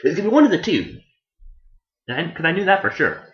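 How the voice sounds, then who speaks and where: Very animated and brisk, a man with a fairly bright tone reviews anime in a loose, rambling way. He swears, self-corrects frequently and acts out characters in shrill voices. The recording is dull and lo-fi, in an echoey room.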